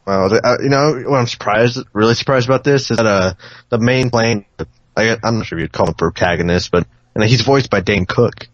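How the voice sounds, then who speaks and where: A man with a low voice chats on a podcast, hedging his points and pausing with fillers. The sound is dull and lo-fi. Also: no echo. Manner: hesitant, hedging, many fillers. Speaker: podcast co-host. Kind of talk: casual chat.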